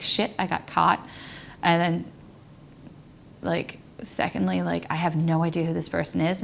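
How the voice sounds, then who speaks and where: A woman's voice: lowish voice, creaky, slight background noise. A young woman talking reflectively in a rambling personal monologue, often saying "like" and dropping to a near whisper. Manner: rambling, frequent "like", laughs, drops to near whisper.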